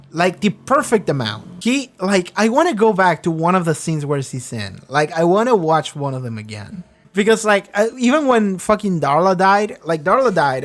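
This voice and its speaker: A reactor giving rambling, enthusiastic, profanity-laced casual commentary on a show. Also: mid-range voice.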